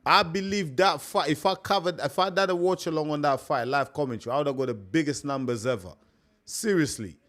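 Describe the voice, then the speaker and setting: Young man, higher-pitched voice, casual live-stream chat, rambling and repetitive. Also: fairly quick, a bit bright. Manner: chatty, repetitive, peppers talk with "mate".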